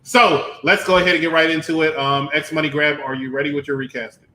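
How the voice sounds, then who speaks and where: A man's voice: fairly high pitch, fairly even intonation, fast talker, sharp tone, roomy sound, poor audio. A man hosting a casual movie review show, rambling through anecdotes and announcing segments with a chuckle. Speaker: podcast host.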